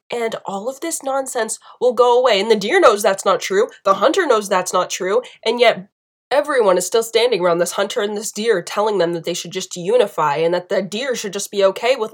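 An American woman ranting through a political opinion monologue for her channel. She talks with strong, emphatic conviction, stacking up lists and repeated phrases to hammer her points home. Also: medium pitch. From United States. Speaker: political commentator.

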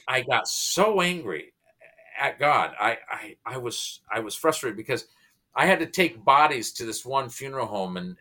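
Man, 50s, pastor-comedian guest; bright tone, animated storyteller who restarts his sentences. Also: fairly low pitch. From United States. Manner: animated, restarts and repeats words. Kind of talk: conversational storytelling.

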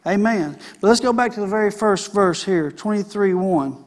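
High-voiced preacher. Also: male voice, moderate pace. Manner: preaching with call-and-response "Amen". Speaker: pastor. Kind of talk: sermon.

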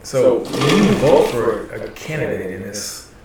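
A man's voice: mid-range voice, animated, measured pace, heavy reverb, distant mic, noisy background. Stammering, profane male podcast guest. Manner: rambling, profane, stammering restarts. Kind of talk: casual podcast chat.

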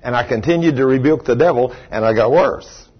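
Husky-voiced man preaching a story. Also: medium pitch, brisk, highs cut off. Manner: conversational, full of "you know", acts out dialogue. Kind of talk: storytelling sermon.

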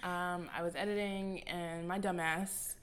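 A woman co-hosting a podcast in relaxed, candid casual chat with casual swearing. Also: lowish voice, measured pace, slight background noise. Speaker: podcast co-host.

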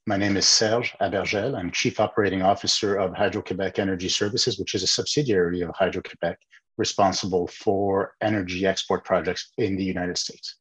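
A man with a low, husky voice answers interview questions over a call. He explains things at length, often repeating a word and starting over before he finishes a thought. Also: steady tone, brisk, fairly bright tone, low-quality recording. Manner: explanatory, with repeated words and restarts. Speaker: guest, utility executive.

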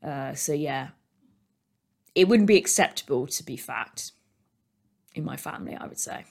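A woman's voice: very deep voice, lively intonation, moderate pace, vocal fry, darkish tone, husky. A British woman hosting a solo podcast, chatting casually in a rambling way, full of ums and likes, into a desk microphone. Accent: British English. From Britain. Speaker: podcast host.

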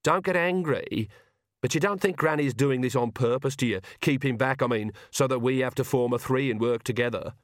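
A man's voice: mid-range voice, moderate pace, no room sound, close to an everyday voice. A man voicing a doubtful young witch woman who talks in a dry, questioning way, in an audiobook reading.

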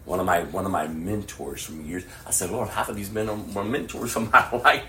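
Deep-voiced impassioned male preacher. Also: steady tone, brisk, slight background noise. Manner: swings from hushed whispers to loud, impassioned preaching. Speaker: pastor. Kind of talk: sermon. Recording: echoey room with faint ambience.

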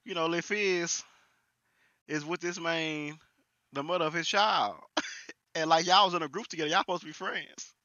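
A man's voice: a little high, moderate pace, pauses often, no room sound. A young man at home telling stories in casual podcast chat, emphatic and slangy. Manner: lively, emphatic, slangy storytelling. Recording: dry, dull lo-fi sound.

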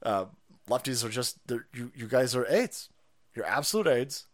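A man hosting a stream, ranting loudly about politics with constant swearing and bursts of laughter. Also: mid-range voice, expressive, normal speed. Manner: loud, swearing, laughing at his own jokes. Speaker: stream host. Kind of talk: profane political rant.

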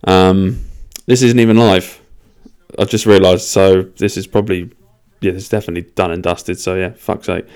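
A man's voice: low voice, steady tone, normal speed, darkish tone, smooth. A young man hosting his own podcast, talking in a loose, rambling, sweary way and poking fun at himself. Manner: loose, sweary and self-mocking. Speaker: podcast host. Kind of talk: casual rambling monologue.

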